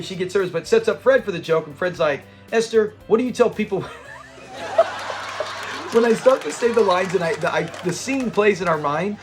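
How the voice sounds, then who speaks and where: A man with a slightly higher voice for his sex talks casually as a fan-channel host. He rambles, quotes scenes in passing and breaks into laughter. Faint music plays softly behind him. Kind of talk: casual commentary.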